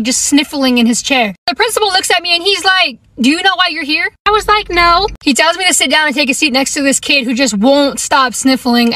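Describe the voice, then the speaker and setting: A woman with a high, bright voice tells a school-days story in a sarcastic, exasperated tone. The sound is dry and close, with no room around it. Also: dry recording. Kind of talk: storytime monologue.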